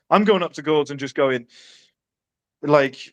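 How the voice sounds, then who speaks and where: A man's voice: a little high, lively intonation. A man giving brash, profane dating advice in casual podcast chat. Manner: brash, swearing, quick one-liners.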